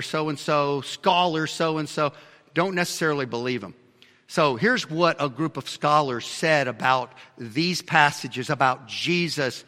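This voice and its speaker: Male pastor, fiery sermon delivery with sudden quiet asides, tense bright tone, long reverb. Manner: fiery preaching, swinging between shouts and low asides.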